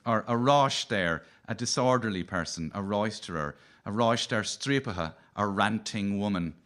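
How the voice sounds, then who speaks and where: A man's voice: on the low side, moderate pace, fairly bright tone. A man with a Cork Irish accent hosting a radio comedy show, telling wry, playful stand-up stories. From Cork, Ireland. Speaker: comedian host.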